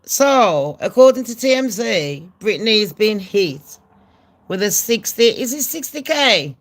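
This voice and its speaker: Nasal middle-aged woman, brash and sweary, casual gossip vlog, mid pitch. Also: very animated. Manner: brash, sweary, fast and chatty. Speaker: gossip channel host.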